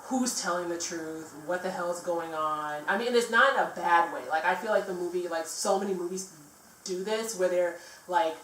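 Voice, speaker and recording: A woman with a low voice talks casually, circling back on herself with lots of fillers and false starts. She sits at a distance from the mic, so the sound comes across roomy and echoey, with faint noise underneath. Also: normal speed, fairly bright tone. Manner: rambling, many fillers and restarts. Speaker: vlogger reviewing a film. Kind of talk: casual chat.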